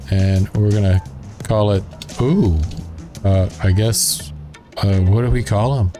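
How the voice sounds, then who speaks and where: Low-voiced Southern man narrating gameplay. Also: slow, pauses often, music in the background. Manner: chatty, thinks aloud while building. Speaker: gaming channel host. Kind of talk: casual game commentary.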